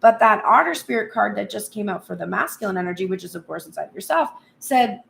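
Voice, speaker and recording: Gravelly tarot-reading woman, animated and blunt. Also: mid-range voice, fast, few pauses, slight background noise. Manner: animated, swears freely, acts out pleading voices. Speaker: tarot reader. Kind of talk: casual spoken tarot reading.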